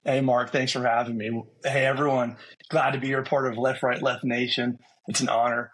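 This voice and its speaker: A man's voice: medium pitch, normal speed, rough recording. A middle-aged man from Rhode Island with a faded New England accent, a sergeant major guest telling his story matter-of-factly. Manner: even-toned, matter-of-fact storytelling. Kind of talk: casual interview chat.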